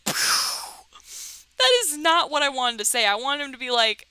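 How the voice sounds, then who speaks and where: A woman's voice: a little high, animated, a little slow, pushed and bright, clean tone, dry recording, low-quality recording. A young woman hosting a let's play, chatting casually and reading game text aloud with jokes.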